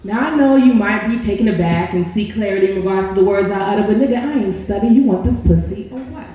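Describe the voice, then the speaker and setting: A woman's voice: medium pitch, quick pace, warm tone. Sultry woman performing spoken word. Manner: sultry, playful, laughing asides to the crowd. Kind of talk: performance poetry at an open mic. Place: live restaurant lounge open mic. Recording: very echoey live room.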